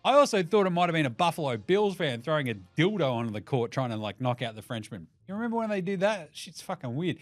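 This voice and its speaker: This Australian podcast host, a man in his thirties, talks fast with few pauses in an on-the-high-side, sing-song voice over soft background music. On his casual sports show he rambles, swears, cracks jokes and puts on goofy voices for quotes.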